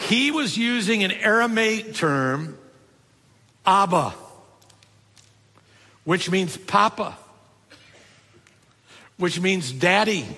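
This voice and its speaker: An older man preaches in a relaxed, storytelling way, his slightly high, bright voice sinking low and quiet when he turns tender. The sound rings with the long reverb of a large hall. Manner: conversational storytelling preaching, drops low and soft for tender points. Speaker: pastor. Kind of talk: sermon.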